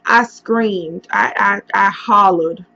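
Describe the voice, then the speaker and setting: A woman telling a painful personal story on a casual storytime vlog, halting often with pauses and fillers as she speaks into a computer mic. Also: medium pitch, vocal fry, pushed and bright, lo-fi sound. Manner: halting, emotional retelling with many pauses and fillers.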